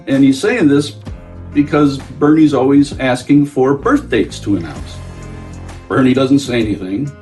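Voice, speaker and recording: Voicing an easygoing, dimension-hopping male storyteller, a man tells a comic anecdote in an amused, playful, chatty way. His natural mid-range voice is a little slow and a little mellow, with faint guitar music behind.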